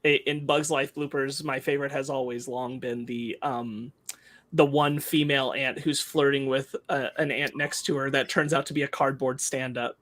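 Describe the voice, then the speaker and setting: A man's voice: mid-range voice, little pitch movement, moderate pace, a bit bright. A man co-hosting a casual podcast, laughing as he recalls favorite movie bits. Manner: laughs through his stories. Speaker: podcast co-host. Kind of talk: casual chat.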